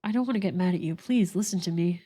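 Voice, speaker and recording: A woman's voice: on the low side, quick pace, dark tone, close to an everyday voice. A woman voicing a clingy, stubborn little girl who adores her brother, reading the lines aloud in her own voice.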